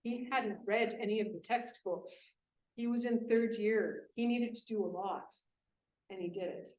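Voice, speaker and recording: A woman speaking at a business event, telling a lively classroom story in a conversational way. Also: a little high, a little slow. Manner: animated, conversational, voices quoted students. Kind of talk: storytelling talk. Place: event room. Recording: echoey room from a distant mic with faint hiss.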